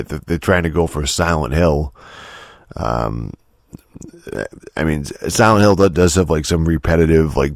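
A man's voice: rumbling low, a little mellow, dry recording, studio quality. A man rambling through a casual, profane rant about a game, exasperated and full of restarts. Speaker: game commentator.

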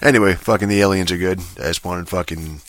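A man's voice: deep voice, steady tone, fast, a bit bright, dry recording. A man talking on his own in a rambling, profane casual rant, full of fillers and restarts. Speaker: solo commentator on movies and games.

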